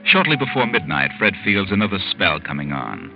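Deep, expressive old radio narrator. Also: male voice, fairly quick, vocal fry. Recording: dull old radio recording with music.

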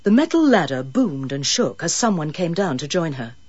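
Woman narrator, husky, dull-sounding recording, dramatic read. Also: sits low, big pitch swings, moderate pace, darkish tone, no room sound. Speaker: audiobook narrator. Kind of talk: scripted narration.

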